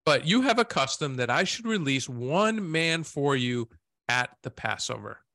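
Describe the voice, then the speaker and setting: Bright, dry-voiced man reading scripture. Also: medium pitch, sing-song, a little slow, dry recording. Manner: reads scripture aloud, laughs easily. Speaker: podcast co-host. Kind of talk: Bible reading and casual discussion.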